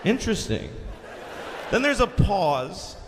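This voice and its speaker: High-ish guy doing stand-up, swoops all over the place, lots of swearing, big echoey live hall w/ noise. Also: a little fast. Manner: animated, profane, acts out characters with big voice swings. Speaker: stand-up comedian. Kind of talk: stand-up storytelling.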